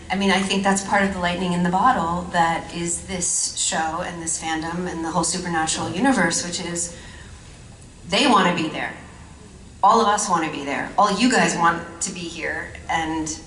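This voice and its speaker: A woman's voice: fairly low pitch, moderate pace, fairly bright tone, slight background noise. Chatty laughing woman in an echoey hall. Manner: chatty and rambling, laughs often, many fillers. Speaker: guest actress on a fan convention panel. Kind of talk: convention panel storytelling. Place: large convention hall. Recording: echoey hall, mic at a distance.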